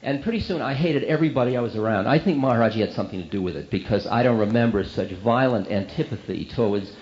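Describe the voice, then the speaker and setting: A spiritual teacher telling a story to an audience in a candid, self-mocking, animated way. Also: male voice, medium pitch, quick pace. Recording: roomy, dull lo-fi recording.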